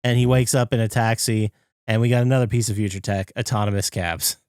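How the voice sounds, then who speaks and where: A man co-hosting a podcast, retelling a movie scene by scene and jumping into high, excited impressions of the characters. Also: quick pace, smooth, dry recording, clean studio sound. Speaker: podcast co-host. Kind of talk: casual movie recap chat.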